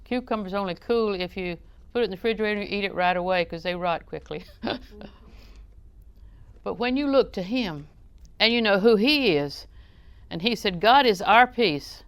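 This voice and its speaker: A woman's voice: mid-range voice, animated, moderate pace, clear, resonant tone. A woman preaching a sermon in a conversational, joking way, often questioning her audience.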